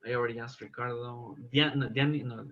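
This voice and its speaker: Bright-voiced man teaching an online English class. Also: medium pitch, steady tone, a little fast, muffled recording. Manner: patient, correcting students.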